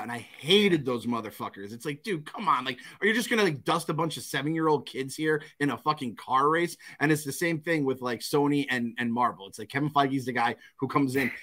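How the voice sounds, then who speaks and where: A man in his thirties co-hosting a podcast, chatting casually and animatedly, swearing freely and laughing through his stories. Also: a little high. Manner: animated, profane, laughs while telling stories. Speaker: podcast co-host. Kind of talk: casual chat.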